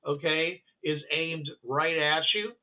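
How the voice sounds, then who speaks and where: A man narrating as game master of a tabletop game, halting, with many fillers. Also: fairly high pitch, steady tone. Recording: phone-like narrow band.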